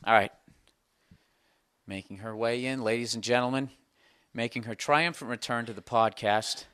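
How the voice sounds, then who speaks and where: A man's voice: medium pitch, steady tone, normal speed, long pauses, fairly bright tone, clear, resonant tone, no room sound, clean studio sound. A man hosting a podcast, telling a profane comedic story with mocking voices. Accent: Boston. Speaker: podcast host. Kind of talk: comedic monologue. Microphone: studio podcast mic.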